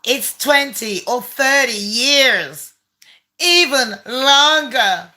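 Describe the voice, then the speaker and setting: A woman rants through a letter line by line, swearing freely and mocking every phrase. Her voice sits a little high and comes across bright and forceful. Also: lively intonation, unhurried. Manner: profane, sarcastic, mocking. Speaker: channel host. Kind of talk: ranting commentary on a letter.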